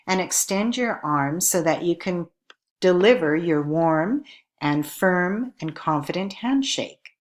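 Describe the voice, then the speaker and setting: In a recorded lesson, a woman instructor with a low voice keeps asking her viewers questions. Her narration is clear and measured in pace.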